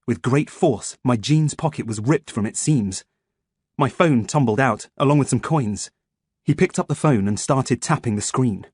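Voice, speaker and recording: Brief: male audiobook narrator, husky, dry close sound, measured delivery. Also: medium pitch, darkish tone, no echo.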